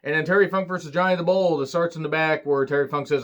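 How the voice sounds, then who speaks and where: A man's voice: a little high, fast, a bit bright. A man giving a casual, sarcastic recap of a wrestling show, swearing freely and trailing into fillers. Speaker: wrestling reviewer.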